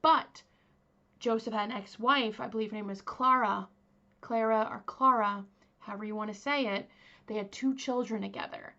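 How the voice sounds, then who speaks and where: A woman's voice: medium pitch, brisk, sharp tone, dull audio. A young woman casually telling a true crime story as host, chatty, with many fillers and asides to her viewers.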